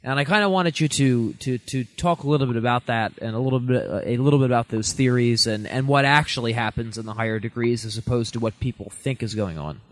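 A man hosting an interview, asking a long, halting question with repeated words. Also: mid-range voice. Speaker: host.

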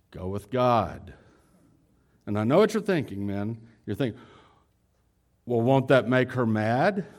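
A male pastor preaching a sermon, animated and talking straight to his congregation. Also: medium pitch. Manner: animated, acts out dialogue; addresses congregation directly.

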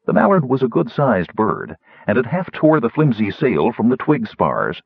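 A man reading a fantasy story aloud, narrating lively and putting on higher voices for the characters. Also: moderate pace, vocal fry, husky, no room sound, dull audio. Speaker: audiobook narrator.

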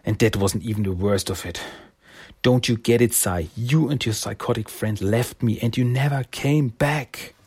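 A man's voice: medium pitch, normal speed, darkish tone, slightly rough. A man voicing a bitter young woman who was once a gang fighter, curt and cold. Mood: hurt.

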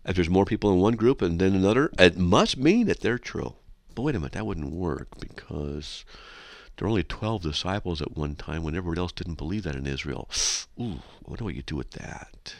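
A man's voice: expressive, a little fast, gravelly, no echo. A man hosting a radio show, reading listener mail aloud and answering it in a sarcastic, mocking way. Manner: sarcastic and mocking, with big swoops in pitch.

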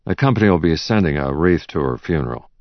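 A man's voice: very deep voice, expressive, fast, dry recording, muffled recording. A man voicing a curt, domineering male executive who barks impatient demands. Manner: barking, impatient.

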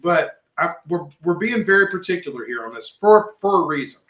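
A man's voice: on the high side, animated, fairly quick, fairly bright tone, echoey room. A man running a word game among friends and hurrying them to answer. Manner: pushy, hurrying others along. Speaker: game leader asking for words. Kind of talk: casual group game.

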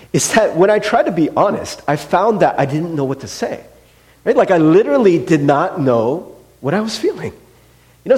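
A fairly high-voiced man in his thirties, preaching in a church. His pitch swings freely as he tells stories in a casual, self-deprecating way. He leans on fillers and restarts like someone talking to friends. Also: a little mellow. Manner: chatty, self-deprecating storytelling with many fillers. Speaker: pastor. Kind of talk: conversational sermon.

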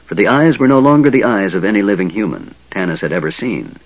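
A man narrating a fantasy novel in a dramatic, expressive reading. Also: on the low side, fast talker, no room sound, muffled recording. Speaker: audiobook narrator.

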